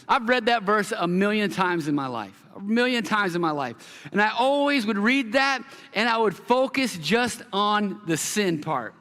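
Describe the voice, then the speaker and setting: A man preaching a sermon as pastor, telling a story with animated quoted voices. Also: high-pitched, normal speed. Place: church hall. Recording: long hall reverb.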